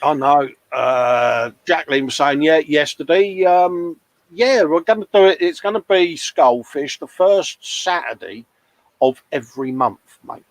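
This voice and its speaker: A man's voice: a little high, a little slow, dry recording, poor audio. A man hosting a live stream from his hobby bench, chatting casually, reading out viewer comments and laughing at himself. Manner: chatty, self-mocking, laughs often, calls people mate. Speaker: host of a live model-painting stream. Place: hobby workbench at home.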